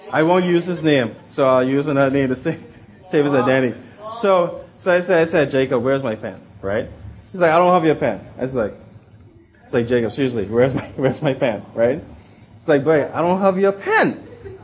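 A young man teaching a class, rambling, repeating words and asking the room questions, in a slightly muffled recording. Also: fairly high pitch. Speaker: youth teacher. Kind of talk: interactive class talk.

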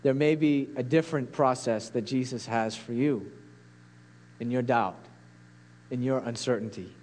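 A man's voice: mid-range voice, unhurried, darkish tone, a little hiss or hum. A man preaching a sermon as a pastor, earnest and pleading, building to intense peaks.

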